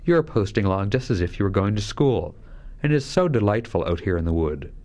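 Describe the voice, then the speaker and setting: Sly fairy-tale wolf, smooth and flattering; male narrator's light take. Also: lowish voice, fast, lightly acted. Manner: coaxing, flattering.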